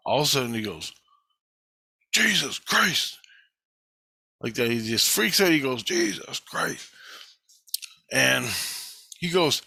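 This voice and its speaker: Man, casual storyteller, crisp bright voice, profane, acts out quotes, dry close sound. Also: mid-range voice, no room sound. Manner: profane, retells events with acted-out quoted dialogue. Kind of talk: casual first-person storytelling.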